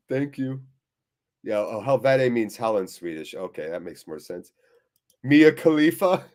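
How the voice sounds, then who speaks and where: A man's voice: mid-range voice, a little mellow. A man hosting a live fan watchalong, reading viewers' chat aloud with jokey swearing and a weary, deflated tone.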